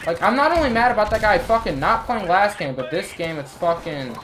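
A man's voice: high-pitched, expressive, a little fast. A man giving gameplay commentary, ranting and swearing as he grows frustrated. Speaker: gamer and channel host. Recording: game gunfire loud behind voice. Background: shooter game gunfire and explosions.

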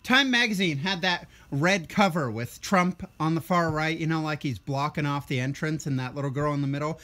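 Sarcastic ranting man, fairly high voice. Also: normal speed, sharp tone. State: tired. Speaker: vlogger. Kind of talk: political rant vlog.

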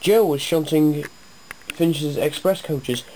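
Slow, halting storybook narrator. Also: mid-range voice, dark tone, slight background noise, rough recording. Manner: halting, occasional restarts. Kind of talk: reading a fan storybook tale.

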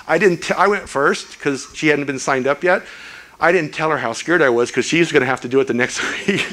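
An older man, a guest preacher, delivers a sermon in a church in a voice that sits high for a man. He tells stories earnestly and slips into lively voices when quoting people.

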